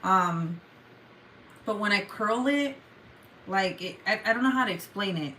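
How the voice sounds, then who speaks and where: A native Spanish-speaking woman with a Mexican Spanish accent chats casually on a livestream and reads viewer comments aloud. Her voice is bright and forward. Her talk is loose and profane, packed with "like" and "um", at an ordinary pitch for a woman. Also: lively intonation, unhurried, a little hiss or hum, rough recording. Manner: chatty and profane, full of "like" and "um". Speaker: livestream host.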